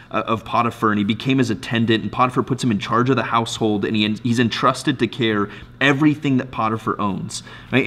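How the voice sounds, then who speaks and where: A man, a pastor, giving a short devotional sermon in an earnest, conversational way, often restarting phrases and checking in with "right?". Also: on the low side.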